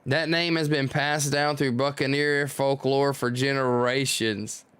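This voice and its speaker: Soft, reassuring manga dad, grieving but steady, read plainly by a man, unhurried. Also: medium pitch, smooth, no echo, lightly acted. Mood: tender. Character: grieving, gentle father comforting his young son.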